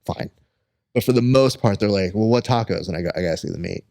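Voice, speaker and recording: A young adult man hosting a podcast, chatting casually and telling lively stories, acting out the people he quotes. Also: on the low side, fast talker, vocal fry. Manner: animated storyteller who acts out quoted people. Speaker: podcast host. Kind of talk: casual chat.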